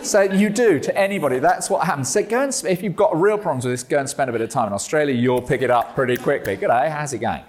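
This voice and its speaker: A man giving a jokey, animated talk on evangelism to a meeting. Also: a little high, fast, few pauses. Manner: jokey, animated, self-mocking asides. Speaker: preacher.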